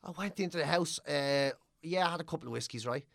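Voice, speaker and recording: An Irish man co-hosting a podcast, telling stories in a casual, animated and sweary way. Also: a little high, fast, creaky, dry recording, clean studio sound. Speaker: podcast co-host. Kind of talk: casual chat, storytelling.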